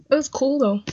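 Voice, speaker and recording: A woman in a casual podcast chat who laughs through her comments. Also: sits high. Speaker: podcast co-host. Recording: dull lo-fi sound.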